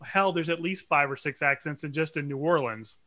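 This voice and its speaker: A middle-aged man from Louisiana chatting casually on a podcast, ranting with quick asides. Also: a little high, bright, forceful tone. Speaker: podcast co-host. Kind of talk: casual chat.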